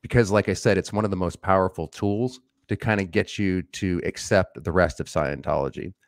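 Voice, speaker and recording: A man's voice: sits low, normal speed, no room sound, clean studio sound. A man hosting a casual explanatory talk, conversational and teasing, with fillers. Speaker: podcast host.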